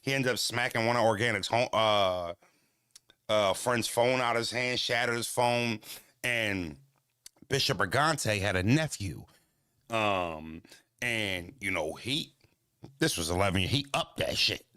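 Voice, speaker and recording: An American man from Pennsylvania tells a story in casual conversation, swearing often and laughing as he imitates other people's voices. His voice is lowish, sharp and clean, a little slow, recorded in clean studio sound with no room.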